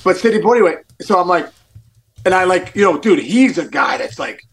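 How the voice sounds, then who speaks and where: High-voiced man rambling through a story. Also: lively intonation, moderate pace, creaky. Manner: rambling, many restarts and "like"s, says "dude". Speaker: podcast co-host, former baseball player. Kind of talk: casual chat, storytelling.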